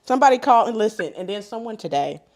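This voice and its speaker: A middle-aged woman hosting a live sewing stream, telling stories in animated, colloquial casual chat and laughing often. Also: on the high side, fairly quick.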